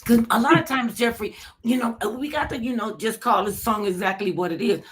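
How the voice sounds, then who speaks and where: A middle-aged woman hosting a casual chat, telling stories with animated acted-out voices. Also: on the high side, brisk, slight background noise. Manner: animated storyteller, acts out voices. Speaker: host.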